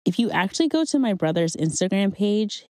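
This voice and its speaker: A woman's voice: mid-range voice, animated, fairly quick, mellow, no room sound, clean studio sound. A woman earnestly telling viewers a personal faith story in a casual, conversational way. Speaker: vlogger.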